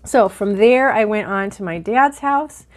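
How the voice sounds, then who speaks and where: Middle-aged woman, vlog host, chatty and easily excited, slightly teary, mid-pitched voice. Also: a little slow. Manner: chatty and excitable, with many fillers. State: teary-eyed. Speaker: vlogger. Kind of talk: casual haul and mail-opening chat.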